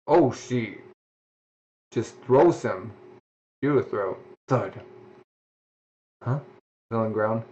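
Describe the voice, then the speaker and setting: A man casually reading a manga aloud, reacting with "huh" and voicing sound effects like "boom". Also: takes it slowly, long pauses, darkish tone, highs cut off. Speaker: manga reader.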